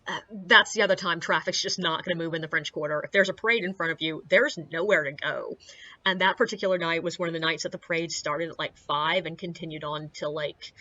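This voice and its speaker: A woman's voice: on the low side, bright, forceful tone, no echo, dull audio. A young woman, a tour guide, telling anecdotes in a chatty, casual way, peppered with likes, uhs and swearing. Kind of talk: casual storytelling vlog.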